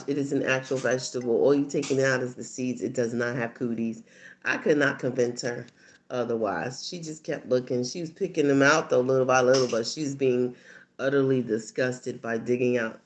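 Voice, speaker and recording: A woman chatting casually on a livestream as a channel host, telling stories animatedly with bursts of laughter. She acts out quotes in squeaky high voices and drops to soft near-whispered asides. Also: slight background noise.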